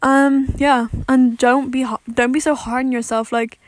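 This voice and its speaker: Sitting in a parked car, a young female vlogger delivers an offhand rant to the camera in a high-pitched voice with little pitch movement. She's blunt and fed up, curses often, and plugs every gap with "like," with slight background noise behind her.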